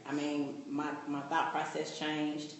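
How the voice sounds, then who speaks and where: A woman's voice: low voice, slow pace. Woman telling her story in an echoey room. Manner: casual, animated storytelling with laughter. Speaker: coaching client. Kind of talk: personal testimony. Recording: echoey room with faint noise.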